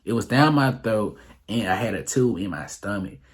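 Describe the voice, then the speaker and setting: A man's voice: lowish voice, expressive, normal speed, slightly rough. A young man telling a rambling, profane storytime on his vlog, full of fillers. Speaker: vlogger. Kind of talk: casual storytime monologue.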